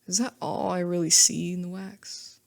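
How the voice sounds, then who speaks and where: Low-voiced gravelly woman doing a chatty tarot reading, talks to herself a lot. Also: fairly even intonation, normal speed. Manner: chatty, thinks aloud, laughs at herself. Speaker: tarot reader. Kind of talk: casual spiritual reading to camera.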